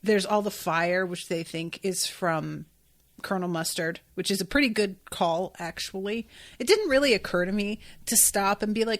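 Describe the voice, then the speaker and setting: A woman's voice: medium pitch, moderate pace. A woman hosting a podcast, casually recapping an anime episode in a chatty, profane way. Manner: chatty and profane, with laughs and asides. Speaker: podcast host.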